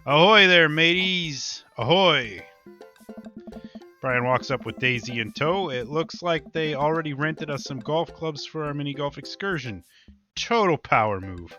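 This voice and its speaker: A young man reads a dating game aloud for his channel, playful and animated, lifting his pitch for the characters' lines. His voice is bright and forceful. The recording is a little muffled and lo-fi. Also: moderate pace, faint music behind. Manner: animated, swings up in pitch for the dialogue. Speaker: let's-play host. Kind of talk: playful reading of a visual novel playthrough.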